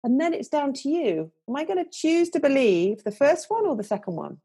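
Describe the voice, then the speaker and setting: Mellow-voiced woman coaching with gentle earnestness. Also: sits high, sing-song, fairly quick. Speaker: confidence coach, guest. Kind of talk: podcast interview.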